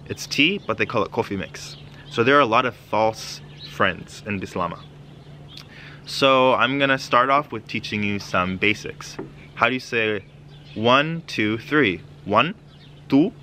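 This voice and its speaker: Bright-voiced man teaching a language. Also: mid-range voice, a little hiss or hum. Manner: patient and explanatory, repeating phrases slowly for learners. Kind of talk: casual video language lesson.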